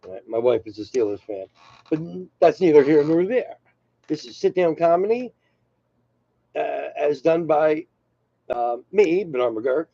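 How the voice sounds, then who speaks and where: An older man rambles through a casual monologue as host of his own channel. His voice is gravelly and dark, and the recording sounds dry and dull, close and lo-fi. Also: on the high side, animated, unhurried, long pauses, no room sound. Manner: rambling, loose, self-deprecating asides.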